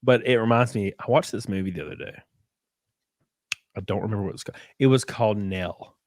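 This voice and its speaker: A tipsy man co-hosting a podcast, chatting crudely and animatedly, often laughing and breaking into high mocking voices. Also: fast talker, a little mellow, no room sound, studio quality. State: a little drunk. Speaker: podcast co-host. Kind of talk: casual crude banter.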